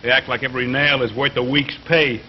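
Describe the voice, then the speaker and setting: An actor playing a tired construction worker who grumbles in slang, in 1940s radio acting on a dull old recording. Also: male voice, mid-range voice, flat delivery, fairly quick, a little hiss or hum, lightly acted. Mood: grumbling.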